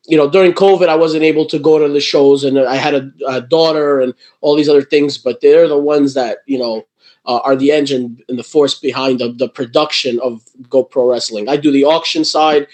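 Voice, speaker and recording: A man's voice: medium pitch, darkish tone, low-quality recording. A man telling stories as a guest in a casual interview, rambling with many restarts and fillers. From New Jersey. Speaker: guest, wrestling promotion owner.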